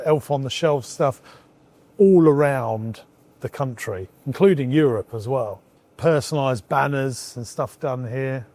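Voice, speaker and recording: This entrepreneur vlogger's voice is medium in pitch and a little mellow, with no room sound. He talks to viewers as he strolls his farm and warehouses, keeping things upbeat and relaxed.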